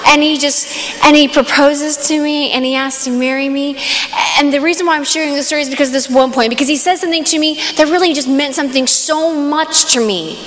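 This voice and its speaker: Young woman speaker at a youth conference, excitable storyteller, reverberant live hall. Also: sits high, fairly quick. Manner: animated storytelling, excited exclamations. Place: large hall.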